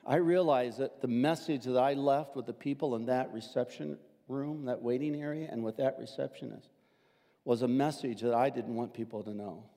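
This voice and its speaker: An older man, a pastor, telling a personal story in a sermon, animated and acting out the voices he quotes. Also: mid-range voice, moderate pace, vocal fry, big-room sound.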